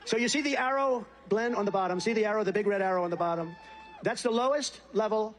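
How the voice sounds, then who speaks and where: A man's voice: high voice, quick pace. A man giving a campaign rally speech as a political candidate, rambling, boastful and full of repetition. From United States.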